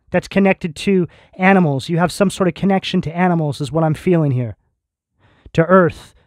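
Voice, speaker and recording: A man's voice: high-pitched, darkish tone, no room sound. Earnest male tarot reader, dry sound. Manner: earnest, reassuring direct address with spiritual terms. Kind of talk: tarot reading addressed to viewers.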